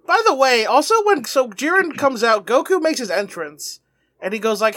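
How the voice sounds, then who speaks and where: A man's voice: high-pitched, expressive, fast talker, bright, forceful tone, no room sound, studio quality. A man co-hosting a podcast, chatting casually and animatedly, laughing often and swearing. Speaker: podcast co-host.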